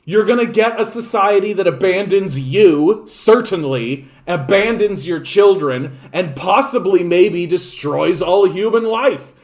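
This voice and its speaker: Man, higher-pitched voice, profane political rant, exasperated and sneering. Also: lively intonation, unhurried, few pauses. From Canada. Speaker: political commentator.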